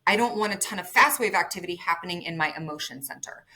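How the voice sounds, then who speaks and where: Woman, bright voice, animated explainer, interview guest, frequent "right?" check-ins. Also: fairly low pitch, quick pace. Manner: animated, explains with everyday analogies, says "right?" often. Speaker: neurofeedback clinic executive, guest. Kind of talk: conversational interview.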